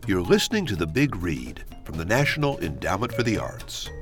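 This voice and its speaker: A very deep-voiced man hosts a radio program and reads scripted narration in measured tones. His pitch moves widely, and faint music plays behind him. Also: big pitch swings.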